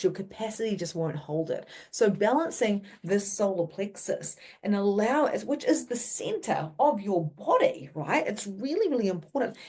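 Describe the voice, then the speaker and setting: A woman's voice: mid-range voice, warm tone. Chatty woman spiritual coach teaching. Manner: chatty, fillers like "okay?" and "like", blunt swearing. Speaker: psychic medium and spiritual coach. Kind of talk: casual teaching monologue.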